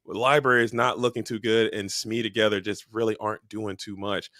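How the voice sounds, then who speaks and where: A man's voice: fairly low pitch, steady tone, brisk, sharp tone, no room sound, clean studio sound. A man casting a live card game tournament, joking and riffing while he talks up the plays. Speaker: tournament caster.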